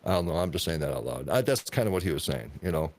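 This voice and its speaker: A man's voice: very deep voice, sing-song, fast, darkish tone. A man hosting a casual podcast, telling stories in a profane, emphatic way. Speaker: podcast host.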